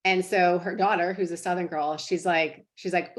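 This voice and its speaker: A woman's voice: fairly low pitch, fairly even intonation, normal speed. A woman in her thirties leading a team call, talking casually and earnestly with lots of fillers as she encourages her sales partners.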